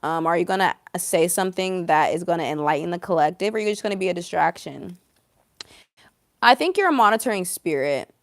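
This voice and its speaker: A woman's voice: on the low side, animated, fairly quick, no room sound, clean studio sound. A woman doing a live-streamed tarot reading, sarcastic and blunt, swearing freely and laughing often. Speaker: tarot reader.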